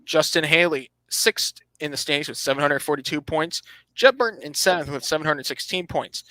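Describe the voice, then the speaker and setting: A man with a bright, forceful, slightly high voice hosts a casual racing podcast. He reads off standings and gives his opinions with a dry, sarcastic edge, often restarting his phrases. The sound is dry and close. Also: a little fast, no room sound, low-quality recording. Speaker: podcast host. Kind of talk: casual motorsport podcast talk.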